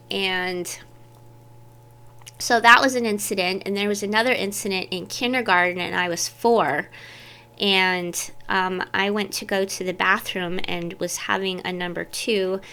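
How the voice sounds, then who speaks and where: A woman's voice: medium pitch, steady tone, unhurried, pushed and bright, clean tone. A woman vlogger telling personal childhood stories to camera in a candid, meandering way. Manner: candid, meandering, self-interrupting.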